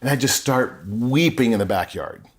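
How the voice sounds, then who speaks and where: A man's voice: medium pitch, animated, normal speed. A middle-aged man, a podcast guest, telling his personal story in an earnest, openly emotional way with frequent restarts.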